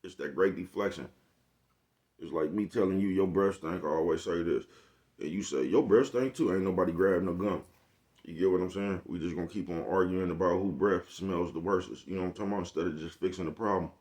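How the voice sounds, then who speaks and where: A man's voice: low-pitched, fairly even intonation, quick pace, darkish tone. A man talking in a laid-back monologue, full of profane slang and repeated check-ins with the listener. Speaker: vlogger. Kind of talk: casual monologue.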